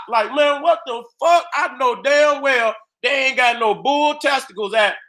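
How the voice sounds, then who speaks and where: A man with a very high, bright, sharp-edged voice goes off in a loud, profane rant. He talks straight to his viewers in streetwise slang and keeps slipping into short acted-out exchanges. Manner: heated, streetwise, loud, acts out dialogues. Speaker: video host. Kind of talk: profane ranting commentary.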